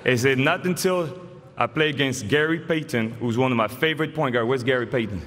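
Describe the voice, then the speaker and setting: A man's voice: mid-range voice, fairly quick, a crowd in the background. French-accented man joking from a podium. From France. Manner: joking, storytelling. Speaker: honoree giving an induction speech. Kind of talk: acceptance speech. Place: large hall. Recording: reverberant hall with faint ambience.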